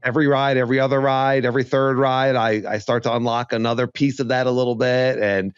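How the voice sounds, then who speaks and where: A man's voice: mid-range voice, little pitch movement, fast talker, clear, resonant tone, no room sound, dull audio. A man co-hosting a casual mountain bike podcast, enthusiastic and reflective, sometimes stumbling over his words. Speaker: podcast co-host. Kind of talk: casual chat.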